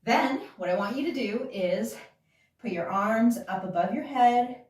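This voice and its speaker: A woman's voice: a little high, expressive, unhurried, darkish tone, recorded from a distance. Woman dance instructor, casual and chatty, counts beats aloud, recorded off-mic in a very echoey room.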